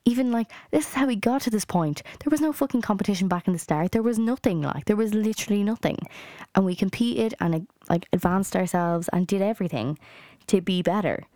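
A woman's voice: medium pitch, a little fast, mellow, no echo, clean studio sound. A young adult woman hosting a solo podcast, ranting in a heated way with lots of swearing and "like" fillers. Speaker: podcast host.

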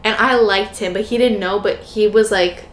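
A woman's voice: mid-range voice, fairly even intonation, normal speed. A young adult woman co-hosting a podcast, chatting casually with playful teasing and lots of "like". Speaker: podcast co-host. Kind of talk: casual chat. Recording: echoey room with faint noise.

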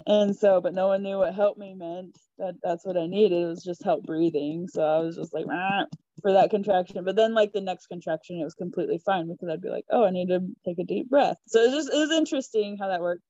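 A young woman telling a personal story in a chatty, giggly, animated way. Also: fairly low pitch, quick pace, hardly any pauses, no room sound, muffled recording. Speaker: podcast guest. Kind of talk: casual storytelling.

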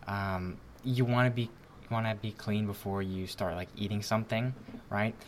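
An Australian man with a low voice wanders through his thoughts in a relaxed chat. He keeps checking in with tag questions as he talks. Faint noise hums behind him. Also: moderate pace. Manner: meandering, tag questions like "right?". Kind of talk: casual group chat.

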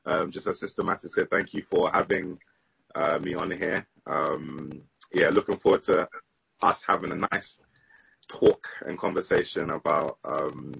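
Very deep gravelly British pastor. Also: male voice, steady tone, a little slow, fairly bright tone, poor audio. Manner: hesitant, many ums. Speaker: associate pastor, guest. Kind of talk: guest on video-call talk.

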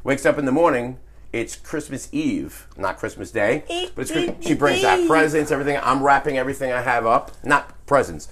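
A man's voice: mid-range voice, sing-song, moderate pace, fairly bright tone, a little hiss or hum. Profane New man telling a story. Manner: storytelling, profane, laughs often. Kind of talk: casual chat. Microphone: phone.

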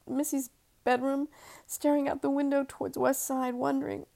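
A woman voicing an overwrought young mother who flares up into shrill outbursts, read from her own novel. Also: flat delivery, moderate pace, creaky, dark tone. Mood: dreamy.

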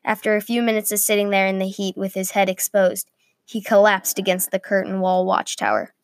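A woman reading a medieval adventure story aloud, steady with small slips. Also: medium pitch, fairly quick, no echo.

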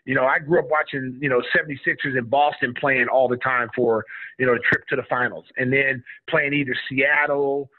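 Husky man telling a story over a phone line. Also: mid-range voice, fairly quick. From Oklahoma. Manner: animated storyteller who acts out quotes in a raised voice. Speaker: guest, former basketball player. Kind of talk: casual storytelling interview.

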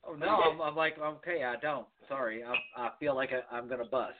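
A man's voice: mid-range voice, fairly quick. A man, a podcast guest telling stories in an emphatic, rambling way. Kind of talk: casual chat. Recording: tinny phone-like line.

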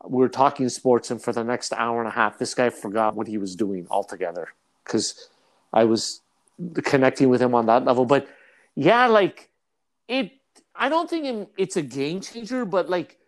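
A man in casual podcast chat, a salesperson telling jokey stories with an animated delivery. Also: normal speed. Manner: animated joking storyteller, swings pitch widely.

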